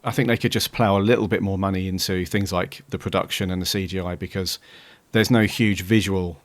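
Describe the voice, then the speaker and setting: A man with a very deep voice co-hosts a podcast in casual conversation. He pauses on frequent "um"s as he works out his thoughts. The recording is dry and close, with no room sound. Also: fairly even intonation, no room sound. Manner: hesitant, many "um"s while thinking aloud. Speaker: podcast co-host. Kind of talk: casual chat reviewing an episode.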